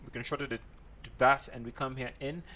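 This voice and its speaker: A man's voice: mid-range voice, steady tone, brisk, sharp tone. Man talking through code aloud. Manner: thinks aloud, frequent "right?" checks. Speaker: programming tutor. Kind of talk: screen-recorded coding tutorial.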